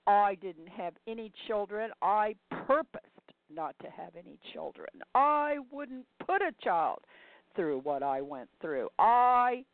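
A woman's voice: medium pitch, very animated, slow, pitched above the performer's own voice. A woman voicing a bitter, furious older woman from Brooklyn, who speaks bluntly and profanely. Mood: defiant. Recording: dry, tinny phone-like sound.

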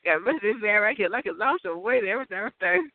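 A woman's voice: medium pitch, sing-song, very fast, vocal fry, no echo. A woman giving a rambling, profane comic rant, laughing often between lines. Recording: tinny phone-like audio, dry.

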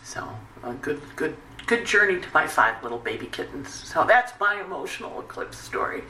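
A woman astrologer hosting a casual weekly forecast, talking in a chatty, animated storytelling way with many asides. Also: lowish voice, a little fast, slight background noise. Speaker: astrologer host. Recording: echoey room, distant mic.

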